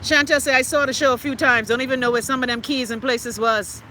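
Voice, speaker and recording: A Bahamian woman hosting a live stream, reading viewers' comments and ranting loudly and profanely. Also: high voice, fairly even intonation, quick pace, a little hiss or hum. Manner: loud, profane, exclaiming ranting. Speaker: livestream host.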